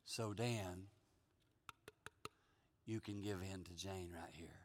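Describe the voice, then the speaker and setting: A man preaching voices God speaking in a soft, low, near-whispered, earnest way, in a reverberant hall. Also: moderate pace, slight background noise, lightly acted. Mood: gentle urging. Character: hushed low voice of God, gentle, patient.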